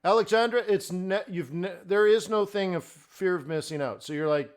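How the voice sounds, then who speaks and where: A man's voice: sits high, normal speed, few pauses, smooth. A middle-aged man hosting a live forex trading stream, talking in a blunt, fired-up, ranting way.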